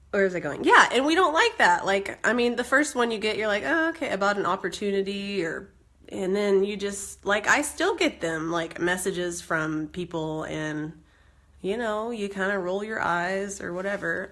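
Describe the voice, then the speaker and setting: A woman's voice: on the low side, a bit bright. A woman in her thirties chatting casually on a live video, a bit congested from a cold, with many ums and asides to viewers. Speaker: direct sales consultant.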